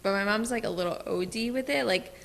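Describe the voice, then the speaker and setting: A chatty woman with a bright, sharp voice co-hosts a casual podcast, peppering her talk with "like". Her voice trails off into a long reverb, with a faint noise floor behind it. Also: mid-range voice, vocal fry. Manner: chatty, lots of "like" and quick reactions. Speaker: podcast co-host. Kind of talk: casual chat.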